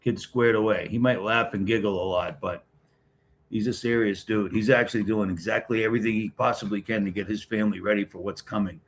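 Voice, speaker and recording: A middle-aged man from the Boston area in New England speaks a little fast in a lowish, steady tone, with slight background noise. Hosting a casual live stream, he greets commenters one at a time, talks straight to chat, and answers with blunt wisecracks.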